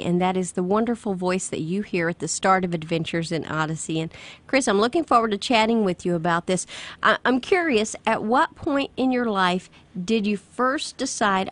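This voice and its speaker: A woman's voice: mid-range voice, animated, moderate pace. A woman with a Southern accent from the Kentucky-Tennessee border, hosting a casual radio interview with lots of enthusiasm and laughter. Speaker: radio host.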